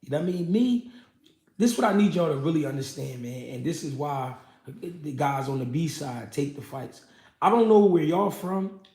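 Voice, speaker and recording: A young man tells stories from his boxing career in loose, profane street talk, often asking "you know what I mean". His voice sits a bit high for a man and has a gravelly edge. The room echoes around him. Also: expressive, normal speed, a little mellow. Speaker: former pro boxer telling his story. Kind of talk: casual storytelling chat.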